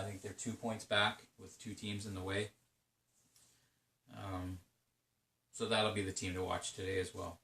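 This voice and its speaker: A man's voice: sits low, creaky, a bit bright, roomy sound, far from the mic. A man talking through his league's trade-deadline day in a rambling, casual solo commentary, full of fillers and restarts. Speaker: video game league commentator.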